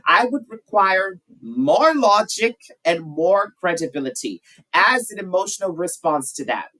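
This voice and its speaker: Guy teacher leading a class chat, bright ringing voice, asks stuff, frank. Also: high-pitched, lively intonation, unhurried, low-quality recording. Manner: leads with questions, frank and chatty. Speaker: English teacher. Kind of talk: conversational class discussion.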